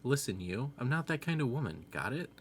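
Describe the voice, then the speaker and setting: A man's voice: medium pitch, big pitch swings, a little fast, a little hiss or hum, pitched above the performer's own voice, natural voice. A brash woman on the street, voiced by a man. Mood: indignant.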